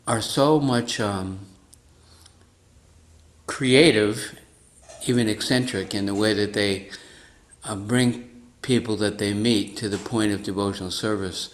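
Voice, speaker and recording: A man sharing a lively story and reflection with a devotional class over a video call. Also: fairly low pitch. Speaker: class participant.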